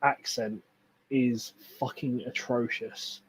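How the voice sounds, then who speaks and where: A man's voice: medium pitch, steady tone, takes it slowly, creaky, breathy edge. A young man chatting casually on a stream, rambling and swearing as he enthuses about films. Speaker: stream co-host. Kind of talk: casual chat.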